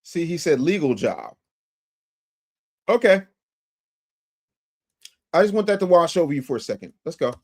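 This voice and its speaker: A man's voice: high-pitched, expressive, fairly quick, long pauses. A man hosting a live stream, reacting to a clip and reading viewer super chats aloud with energy. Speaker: livestream host.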